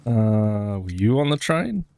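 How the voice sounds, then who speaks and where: A man's voice: fairly low pitch, very animated, takes it slowly, darkish tone, clear, resonant tone. A man giving casual, rambling commentary while he plays a video game. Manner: rambling, wry, chatty. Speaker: gaming streamer.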